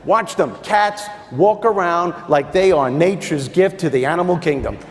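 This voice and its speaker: A man giving a stand-up style motivational talk, animated and acting out voices for laughs. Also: a little high, moderate pace. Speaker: motivational speaker. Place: large hall with audience. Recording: live hall recording with reverb.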